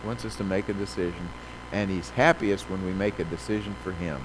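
A man preaching a sermon, reading scripture slowly and with emphasis, then telling folksy stories with many fillers. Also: lowish voice, noisy background. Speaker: pastor.

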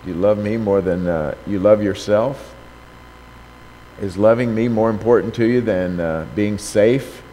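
With a warm, fairly low voice and a slightly slow pace, a preacher reads from scripture, gets louder on quoted passages, and repeatedly poses rhetorical questions. The hall reverb is long, and faint background noise is audible.

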